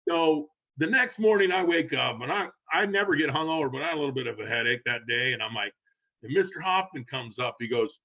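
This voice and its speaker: A man's voice: fairly high pitch, a little fast. Rambling older man telling a story. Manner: rambling, animated, laughing, acts out quotes in raised voice. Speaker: guest storyteller. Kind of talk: casual storytelling. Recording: dull lo-fi sound.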